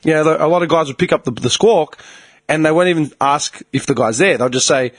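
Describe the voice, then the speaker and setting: A man's voice: a little high, a little fast, no echo. An Australian man hosting a podcast, telling stories in casual chat, swearing a lot and breaking into laughter. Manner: animated storyteller, swears a lot, bursts of laughter. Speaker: podcast host.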